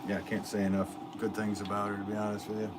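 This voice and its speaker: A man's voice: fairly low pitch, monotone, fast, heavy background noise. A man hosting a live pottery stream from his studio, rambling and joking as he reads out viewer comments while he works. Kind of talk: casual live-stream chat.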